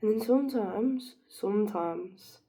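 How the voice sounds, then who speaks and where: A woman's voice: medium pitch, a little slow, dark tone, breathy edge. A woman talking to camera in a rambling, giggly monologue, musing philosophically and drifting off her point. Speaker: vlogger.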